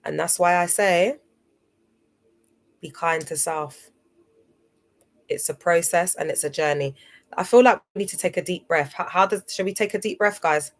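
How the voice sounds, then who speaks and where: A woman hosts a motivational livestream in a fairly low voice. She talks earnestly and directly to her viewers, calling them "guys" and reading passages from her notes. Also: moderate pace, pauses often. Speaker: livestream host.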